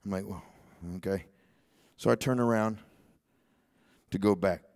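A man preaching a sermon in a church, telling a personal story and swinging between shouted exhortation and quiet, hushed retelling. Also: lowish voice, steady tone, measured pace, creaky. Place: church sanctuary.

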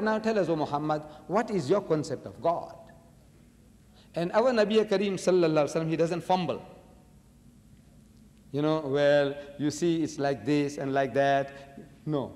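A man giving an animated religious lecture to an audience, asking rhetorical questions and swinging between loud emphasis and quiet asides. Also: on the high side. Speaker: preacher. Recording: long hall reverb.

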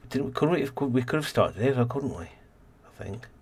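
A man's voice: medium pitch, lively intonation, moderate pace, darkish tone, husky. A man casually commentating a city-building game as host, rambling and thinking aloud, tired and yawning. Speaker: let's play host.

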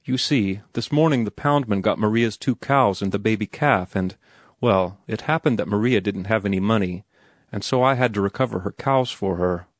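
A man's voice: lowish voice, moderate pace, no echo, clean studio sound, close to an everyday voice. A man voicing an earnest, headstrong young male writer in an audiobook, blunt and insistent. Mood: humble. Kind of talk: audiobook character reading.

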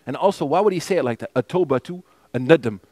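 A man teaching a lesson as imam, his voice sitting a touch high and swinging up and down with animation. He moves back and forth between English explanation and Arabic recitation. The sound is close and dry, with little room echo. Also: lively intonation, fast, a little mellow. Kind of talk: mosque lesson on a hadith text. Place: mosque classroom.

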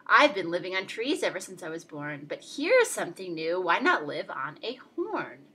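A woman's voice: fairly low pitch, very animated, normal speed, sharp tone, breathy edge, full character voice. A woman voicing a brash, pushy little male songbird in a storybook read-aloud, chirpy and presumptuous.

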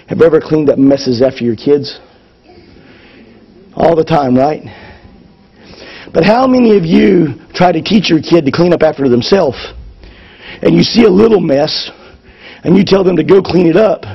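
A man preaching a sermon to his congregation, moving between loud fervor and hushed lines. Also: on the high side, animated, unhurried, creaky, pauses often, husky, muffled recording. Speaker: pastor. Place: church service.

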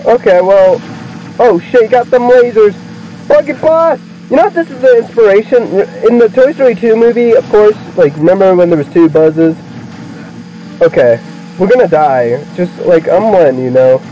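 A young man doing let's play commentary, excitable, swearing constantly and yelling at the game. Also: high voice, moderate pace. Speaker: gaming video creator. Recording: muffled lo-fi mic with game music. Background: game music.

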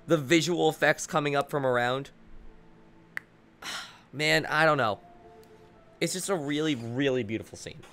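A young man streaming a video game, commenting excitedly and rambling with frequent laughs. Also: medium pitch, clean tone. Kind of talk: gaming commentary.

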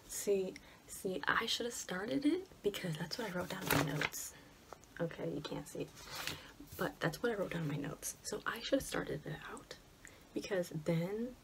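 A young woman with a Michigan accent, talking anxiously and often dropping to a whisper as she chats casually in her bedroom. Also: on the low side. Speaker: college student vlogger. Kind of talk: casual vlog chat. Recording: steady background noise, lawnmower outside.

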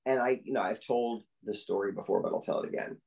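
Animated storytelling voice-actor man. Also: fast, gravelly, muffled recording. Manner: animated storyteller, acts out quotes with big pitch jumps. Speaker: voice actor guest. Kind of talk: storytelling in a podcast interview.

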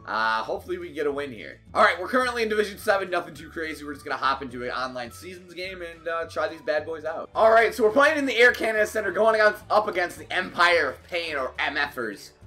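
Excitable young man calling hockey gameplay. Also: on the high side, quick pace, hardly any pauses, faint music behind. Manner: excitable, frustrated outbursts at the game. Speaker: gaming YouTuber. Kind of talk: live gameplay commentary.

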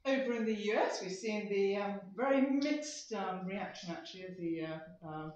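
A woman speaking to a church congregation with animated, dramatic emphasis, acting out the quotes she gives. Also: medium pitch, normal speed. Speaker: guest speaker. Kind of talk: church talk. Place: church hall. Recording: distant roomy church hall, slightly dull.

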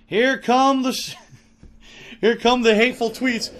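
A man's voice: very high voice, slow, long pauses, fairly bright tone, a little hiss or hum. A man giving live gameplay commentary, ranting with profane frustration and heavy sarcasm. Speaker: gaming streamer.

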